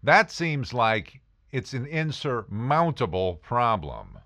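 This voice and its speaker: A man's voice: on the low side, sing-song, moderate pace, bright, forceful tone, dry recording. A man telling a self-mocking comic story about his past, with punchy asides. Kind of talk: comedic storytelling monologue.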